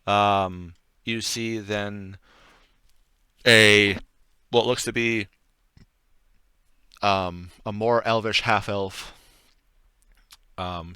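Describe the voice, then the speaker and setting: A man running a tabletop game as game master, narrating the scene in a relaxed, rambling way with frequent pauses and fillers. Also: deep voice, clear, resonant tone, dry recording, clean studio sound. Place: home setup on stream.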